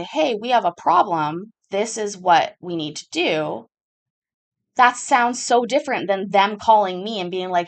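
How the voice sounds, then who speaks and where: A woman's voice: mid-range voice, moderate pace. A woman hosting a live chat show, telling work stories in a candid, casual way, swearing freely and using many fillers. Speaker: livestream show host.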